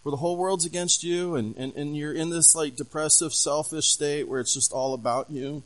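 A man's voice: on the high side, steady tone, normal speed, low-quality recording. A man pastor preaching a sermon, telling a story with animation and asking the congregation questions.

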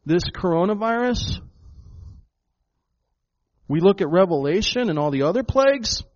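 A man's voice: high-pitched, lively intonation, normal speed, darkish tone, highs cut off. A pastor preaching a sermon to his congregation, emphatic, often repeating words and calling them folks. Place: church hall with a congregation.

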